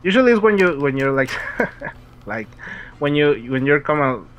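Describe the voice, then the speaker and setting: A man co-casting a match in casual chat, halting and trailing off, stumbling over his words. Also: fairly high pitch, very animated, highs cut off. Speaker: esports co-caster. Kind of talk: casual chat between game commentary.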